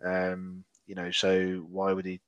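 Low-voiced Scottish man, lively storyteller. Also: takes it slowly, smooth, dry recording, dull audio. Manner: animated storyteller, acts out quoted dialogue. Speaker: podcast co-host. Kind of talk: casual chat.

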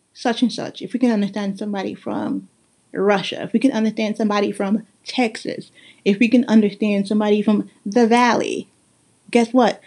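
A woman's voice: fairly high pitch, a little mellow. A woman host from Brooklyn with a mixed Guyanese and New York accent, talking straight to her listeners in a casual monologue, emphatic and repeating phrases for stress. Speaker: podcast host.

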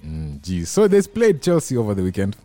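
A podcast host, a man from Kenya, talks football in casual chat and slips Swahili into his English. His tone is mellow and his pitch moves a lot. The sound is dry, with faint music behind him. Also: huge pitch swings, fairly quick, no room sound.

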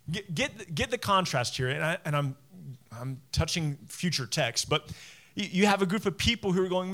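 A man preaching to his church in a slightly raised voice. He talks conversationally, acting out what people say and tripping over his restarts. His pitch swings up and down as the sermon goes on. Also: a little fast. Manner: conversational preaching with animated acted-out quotes and restarts. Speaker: pastor.

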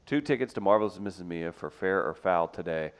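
A man's voice: low-pitched, expressive, brisk. A man hosting a live radio show, joking around in casual banter with his co-hosts. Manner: joking, laughs often, playful.

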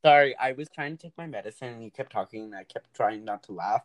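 A man's voice: medium pitch, quick pace. This young man co-hosts a loose podcast over a call, chatting in a mid-range voice. He rambles through stories, trails off mid-sentence and breaks into giggles often. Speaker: podcast co-host. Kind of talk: casual chat. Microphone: call recording.

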